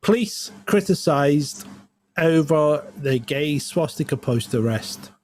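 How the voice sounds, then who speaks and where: A man's voice: on the high side, animated, slow pace, darkish tone. A man co-hosting a casual live show, telling anecdotes and often breaking into laughter. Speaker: co-host. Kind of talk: casual live-stream chat.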